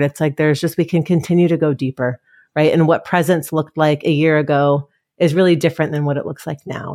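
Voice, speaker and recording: A woman's voice: low voice, a little mellow, no echo, studio quality. A woman hosting a podcast, talking in an earnest, reflective way about parenting and presence. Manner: earnest, reflective, tearful at times. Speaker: podcast host. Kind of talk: heartfelt conversational chat.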